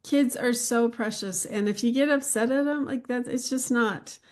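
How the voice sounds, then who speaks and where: A middle-aged woman hosting a podcast, telling relaxed, rambling personal anecdotes with some laughter. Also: fairly high pitch, moderate pace. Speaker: podcast host. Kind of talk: casual chat.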